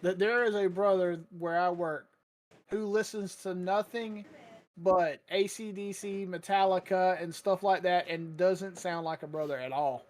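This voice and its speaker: Teasing podcast co-host, quick banter. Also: mid-range voice, steady tone. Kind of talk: casual podcast chat.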